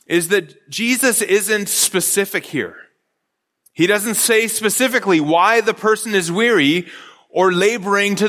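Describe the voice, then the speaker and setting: Earnest high-voiced man preaching. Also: bright, forceful tone, long reverb tail. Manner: earnest, repeats phrases with stammered restarts. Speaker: pastor. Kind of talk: sermon.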